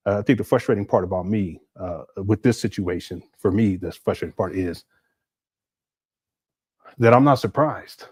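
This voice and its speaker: A man's voice: fairly low pitch, normal speed, pauses often, husky, no room sound, clean studio sound. A man hosting a casual livestream, laughing often and reading out viewer messages. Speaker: livestream host.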